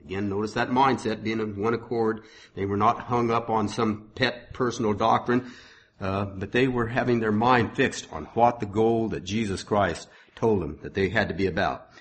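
A man's voice: lowish voice, steady tone, moderate pace, slightly rough. A middle-aged man preaching a sermon, reading scripture with rising force and breaking into folksy asides.

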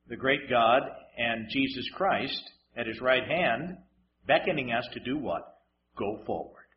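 High-voiced preacher with dramatic swings. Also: male voice, dull audio, slight background noise. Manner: dramatic, swinging between loud emphasis and hushed asides, wry humor. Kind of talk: sermon.

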